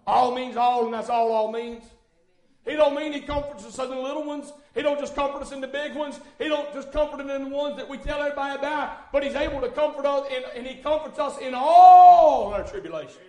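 A man preaching a fervent sermon in a church, swinging from hushed tones to loud shouting and calling out "hey, listen.". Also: extremely high pitch, fairly quick. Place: church sanctuary. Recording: echoey church room.

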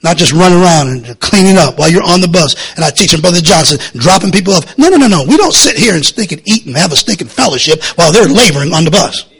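Preacher man, husky and gravelly, high-pitched, rambling fiery sermon in church. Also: expressive, quick pace, few pauses. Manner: rambling, laughing asides, builds to shouting. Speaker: pastor.

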